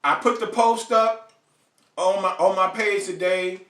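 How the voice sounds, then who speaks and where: A man's voice: high voice, unhurried, fairly bright tone, roomy sound, far from the mic. A man hosting a live online show, ranting bluntly and profanely to his viewers and calling out to them by name. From United States. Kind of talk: ranting live stream monologue.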